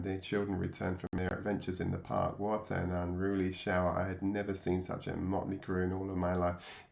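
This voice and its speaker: A man's voice: low voice, creaky, echoey room. An English man, middle-aged, telling his own life story in a reflective, wry way and chuckling at himself. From England. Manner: reflective, wry, laughs at himself, acts out voices from memory. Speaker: memoir narrator. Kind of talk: personal storytelling.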